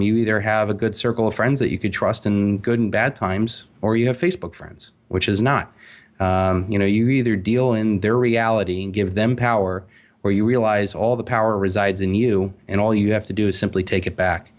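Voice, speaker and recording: A man speaking as an interview guest, emphatic and animated, with frequent fillers and restarts. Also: fairly low pitch, normal speed. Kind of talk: casual interview talk.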